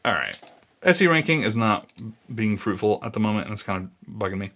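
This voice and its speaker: A man in his thirties with a lowish voice talks through a screen recording, thinking aloud and drifting off track. Keyboard typing clicks behind him. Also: animated, a little fast, fairly bright tone. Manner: thinking aloud, easily sidetracked, muttering. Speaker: blogging YouTuber. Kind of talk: casual screen-recording walkthrough.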